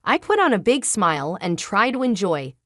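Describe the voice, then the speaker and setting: A woman telling a first-person family drama story in an emotional way, sometimes halting and repeating herself. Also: mid-range voice, very animated, a bit bright, no room sound, clean studio sound. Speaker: narrator.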